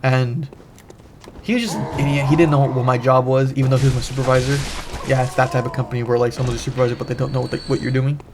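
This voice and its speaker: A young man talks over his gameplay at home, rambling through a profane story in a flat, gravelly voice that barely rises or falls. He swears freely and circles back to the same points. A steady hiss of noise sits under the recording. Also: medium pitch, quick pace. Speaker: gaming channel host. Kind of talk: casual commentary while playing. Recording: noisy background.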